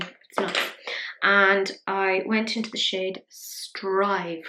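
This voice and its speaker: A woman's voice: medium pitch, fairly bright tone, echoey room, slight background noise. A young woman chatting casually through a makeup tutorial, self-mocking, sometimes dropping to a whisper as she works. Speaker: beauty vlogger.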